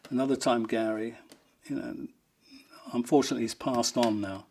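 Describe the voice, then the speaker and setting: A man's voice: medium pitch, steady tone, moderate pace, darkish tone. A man, a rock guitarist, telling fond, rambling anecdotes in an interview, amused and laughing now and then.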